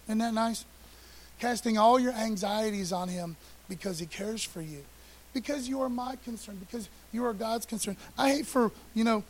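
Pastor, middle-aged man, high-pitched; easygoing slangy sermon, loud then hushed, light hiss. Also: low-quality recording. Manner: conversational preaching, swinging between loud and hushed; casual slang and asides. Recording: faint hiss.

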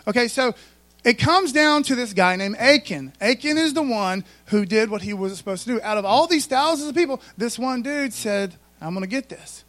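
High-voiced folksy preacher man. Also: expressive, normal speed, a bit bright, no echo. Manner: folksy, conversational preaching with frequent asides. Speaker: pastor. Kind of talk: sermon.

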